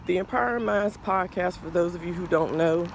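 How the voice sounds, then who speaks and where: A man in his forties hosting a podcast, talking slowly and earnestly about faith and mental health, a little out of breath. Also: high-pitched, vocal fry, a little hiss or hum. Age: 40s. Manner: slow, thoughtful, earnest, with pauses and restarts. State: slightly out of breath. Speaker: podcast host. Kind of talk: reflective faith-based mental health talk.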